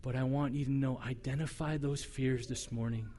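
A male pastor preaching a sermon in a conversational, humorous way, animated and acting out the voices he quotes. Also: medium pitch, moderate pace.

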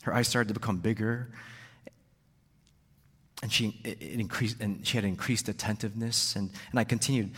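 A man's voice: fairly low pitch, steady tone, normal speed, pauses often, fairly bright tone, slightly rough. A male pastor delivering a sermon, often repeating words and tagging sentences with "right?". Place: church. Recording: long reverb in a church hall.

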